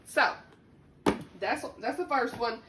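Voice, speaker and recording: A woman's voice: fairly high pitch, takes it slowly, noisy background. A young woman with a Southern US accent chatting casually to camera about books, laughing often and saying "y'all.". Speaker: book vlogger.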